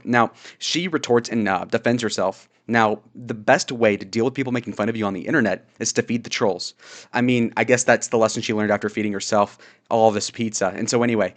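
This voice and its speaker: A man giving sarcastic, mocking commentary on social media posts, with frequent fillers. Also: medium pitch. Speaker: political commentary YouTuber.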